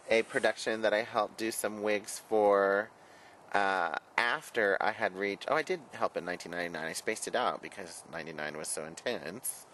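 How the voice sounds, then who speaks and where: A man's voice: lowish voice, pushed and bright, a little hiss or hum, rough recording. A hairdresser reminiscing frankly as he shows old photos and papers, a chatty, outspoken man who swears freely and talks flamboyantly. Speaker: hairdresser and vlogger. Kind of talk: candid personal reminiscing.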